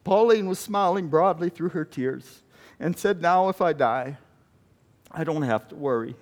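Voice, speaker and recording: A man with a high voice preaches in a storytelling way. He retells a testimony, often stopping and restarting his phrases. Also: expressive, unhurried, darkish tone. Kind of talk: sermon storytelling.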